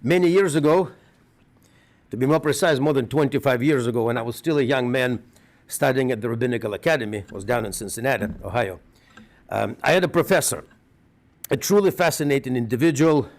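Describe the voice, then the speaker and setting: Speaking in a mid-range voice with a Russian accent, a middle-aged man plays a rabbi delivering an earnest funeral eulogy. His storytelling is measured yet animated.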